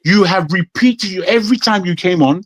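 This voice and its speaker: A man with a British accent, a guest in a heated panel debate, speaking forcefully and indignantly with repeated phrases. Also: high-pitched, normal speed, no echo. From Nigeria.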